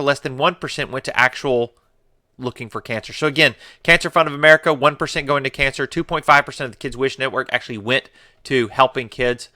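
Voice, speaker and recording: A man's voice: medium pitch, sharp tone, no room sound, studio quality. A man hosting a political commentary show, combative and sarcastic, with mocking exclamations.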